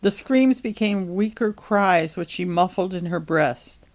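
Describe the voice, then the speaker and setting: A woman reading a novel chapter aloud in an even, measured storytelling manner. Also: on the low side, low-quality recording.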